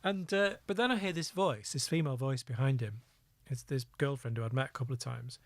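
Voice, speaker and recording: A middle-aged man tells his story in a lively, anecdotal way, often laughing at himself. His voice sits at an ordinary pitch. The sound is dry and close, with no room echo. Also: brisk. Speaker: guest, former undercover police officer. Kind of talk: storytelling in a podcast interview.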